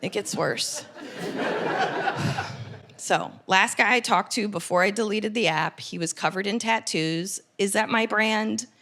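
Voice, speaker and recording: A woman in her thirties performing a stand-up comedy set, telling a story fast and animated, with loud shouted punchlines. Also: mid-range voice, noisy background. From United States. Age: 30s.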